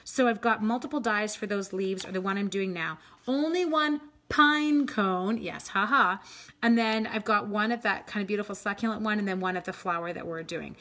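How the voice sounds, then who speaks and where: A middle-aged woman from Canada walks through a card-making project live, chatty and upbeat. She chats with viewers by name between steps. Her voice sits at an ordinary mid pitch. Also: steady tone, a little fast, fairly bright tone. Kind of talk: live craft tutorial.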